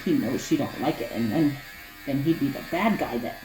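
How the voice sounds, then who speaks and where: Grooming her dogs at home and sweating from the effort, a woman chats casually, teasing the dog and addressing her viewers. Her rumbling, low voice is expressive and moves at a moderate pace. Faint clipper hum sounds in the echoey room.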